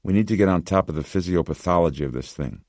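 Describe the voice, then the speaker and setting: A man's voice: sits low, a little mellow, dry recording, clean studio sound. A man as a driven, pressing doctor. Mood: urgent. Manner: quick, pressing questions. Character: driven male doctor, urgent and rattled.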